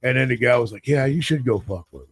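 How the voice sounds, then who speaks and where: A man's voice: mid-range voice, fast talker. A man in casual chat, telling a story with lots of swearing and acting out what everyone said. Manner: profane, animated storyteller acting out quotes.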